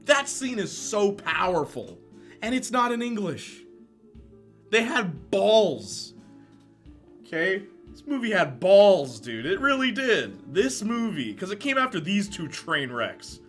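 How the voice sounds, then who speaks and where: Excitable man chatting on a live stream. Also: high voice, unhurried, faint music behind. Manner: excitable, chatty, laughs often, reacts to chat. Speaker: streamer ranking movies. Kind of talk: casual live-stream chat.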